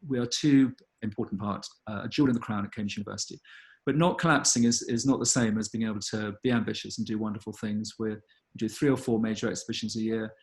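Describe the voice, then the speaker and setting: A man's voice: on the low side, fairly even intonation, fast talker. Earnest man, gallery director. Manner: earnest appeal, thoughtful with frequent ums. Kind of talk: live online Q&A talk.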